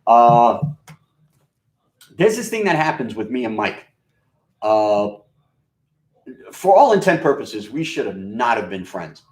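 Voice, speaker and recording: A New York radio and video host with a scratchy, rustic voice and an accent that mixes Queens and the Bronx, speaking at a medium, sing-song pitch. He takes his time, leaving long pauses as he rambles through a profane, casual monologue packed with fillers and restarts. The recording has a roomy echo.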